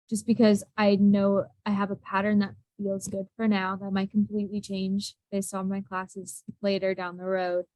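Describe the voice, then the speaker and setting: A young woman teacher speaks openly and with self-deprecating humor, often breaking into a laugh. Her voice sits at an ordinary middle pitch. The recording is close and dry, with no room echo. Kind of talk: casual group discussion.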